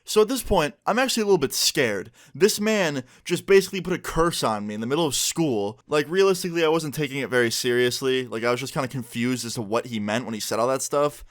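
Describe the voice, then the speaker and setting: A man's voice: medium pitch, fast, hardly any pauses. Young man telling a casual story. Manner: casual, animated, swearing freely. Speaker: YouTuber. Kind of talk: storytime vlog.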